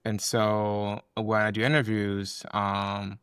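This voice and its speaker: A man's voice: fairly low pitch, monotone, slow, a bit bright, smooth, no room sound, studio quality. Blunt young man in his twenties. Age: 20s. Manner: blunt, rambling, frequent fillers. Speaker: podcast co-host. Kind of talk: casual podcast conversation.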